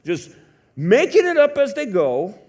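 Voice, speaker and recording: A man preaching a sermon in a church, telling a story in a conversational way, swinging from hushed to loud. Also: very high voice, wildly swooping pitch, measured pace. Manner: conversational with many fillers. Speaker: pastor.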